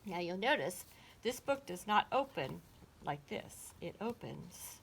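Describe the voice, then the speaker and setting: A woman teacher reading picture books aloud to children in a slow, expressive storytelling voice. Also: on the low side, vocal fry, a little hiss or hum.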